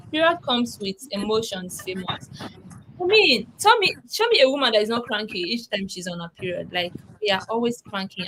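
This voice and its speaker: A woman's voice: medium pitch, a bit bright, slight background noise, rough recording. A woman hosting a casual livestream, reading comments aloud and laughing often on a video-call mic. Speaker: livestream host.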